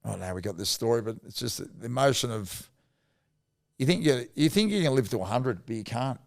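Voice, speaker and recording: A man's voice: medium pitch, lively intonation, fairly quick, gravelly, no room sound, clean studio sound. A middle-aged Australian man, once a rugby league player, telling emotional stories in a rambling, heartfelt way as a podcast guest. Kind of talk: emotional storytelling in casual chat.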